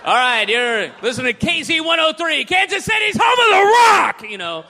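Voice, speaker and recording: A man putting on a loud, over-the-top morning-zoo radio DJ with shouted announcer patter. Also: very high-pitched, sing-song, moderate pace, long reverb tail, some chatter behind, voice pushed up, full character voice. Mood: hyped.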